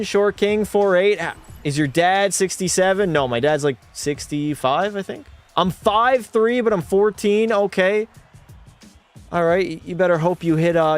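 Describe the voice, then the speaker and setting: Brief: young male streamer, higher-pitched voice, excitable play-by-play with swearing, music underneath. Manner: excitable, swears, chats with viewers. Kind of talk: live gameplay commentary.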